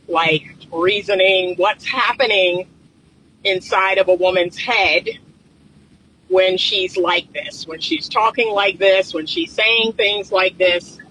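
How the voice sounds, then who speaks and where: Male coach, high bright voice, emphatic repeater, vlogging from a car. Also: a little hiss or hum, low-quality recording. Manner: chatty, emphatic, repeats points to drive them home. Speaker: relationship coach. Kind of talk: casual talking-head commentary.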